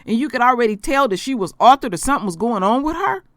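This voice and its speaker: Woman vlogger, emphatic and profane, lively pitch, dry. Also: quick pace, no echo. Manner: blunt, emphatic, swearing. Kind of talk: emotional commentary.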